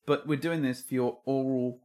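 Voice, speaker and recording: A man's voice: medium pitch, steady tone, normal speed, warm tone. A man co-hosting a podcast in casual, cheeky chat, teasing and joking playfully. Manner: playful, cheeky, breaks into silly songs. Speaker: podcast co-host.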